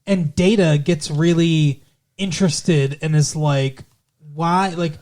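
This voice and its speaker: A man co-hosting a podcast, recapping a TV show in casual chat with animated, profane ranting and lots of fillers. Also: fairly high pitch, takes it slowly. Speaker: podcast co-host.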